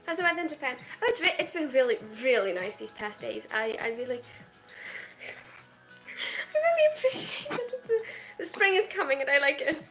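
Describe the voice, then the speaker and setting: A woman's voice: high-pitched, expressive, quick pace, few pauses, a bit bright, soft background music. A 22-year-old woman from Germany, live-streaming at home and reading viewer comments aloud. She talks in a shy, self-conscious way, with hesitant restarts and nervous laughs.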